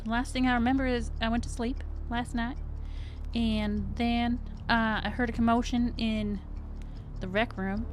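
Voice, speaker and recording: A woman's voice: a little high, close to an everyday voice. A woman voicing a cheerful, God-fearing secretary with a Louisiana accent and a folksy Southern drawl.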